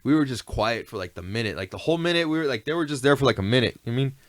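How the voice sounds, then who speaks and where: A man with a medium-pitched, expressive voice races along with no room sound. A guest in a casual storytelling chat, he tells stories in a laid-back, rambling way, often asking "you know what I mean."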